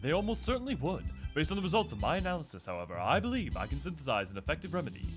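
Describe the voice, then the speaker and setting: A man voicing a pompous, learned gentleman from a game, with grandiose, old-fashioned phrasing. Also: fairly high pitch, very animated, racing, over music.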